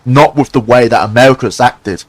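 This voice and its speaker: A man's voice: medium pitch, poor audio. A male streamer ranting angrily on a live stream, swearing often and stumbling through restarts. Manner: heated, swearing, halting with many restarts. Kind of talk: angry live-stream rant.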